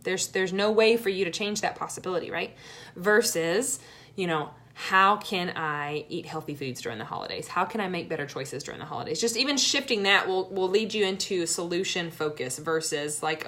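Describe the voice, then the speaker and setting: A woman's voice: on the low side, animated, moderate pace, fairly bright tone. A young adult woman coaching viewers in a live-streamed talk, chatty and encouraging, often checking in with "right?".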